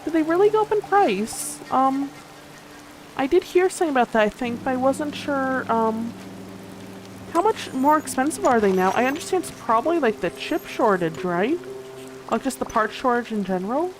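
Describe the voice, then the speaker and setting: A young woman with a high, very animated voice livestreams a game at normal speed, with background noise behind her. She chats casually and a bit sleepily, yawning and rambling with many fillers and restarts.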